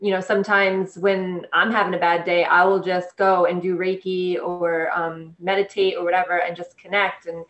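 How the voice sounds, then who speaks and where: A woman's voice: lowish voice, level tone, moderate pace, few pauses, fairly bright tone. Hesitant woman on an echoey, dull line. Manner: hesitant, with fillers. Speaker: Reiki practitioner, guest. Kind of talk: coaching session.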